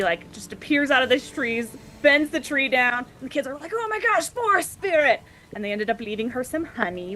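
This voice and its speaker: A woman's voice: on the high side, fairly bright tone. A woman casually recapping a tabletop game session, chatty and giggly, briefly acting out the party members' lines. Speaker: player recapping the previous session.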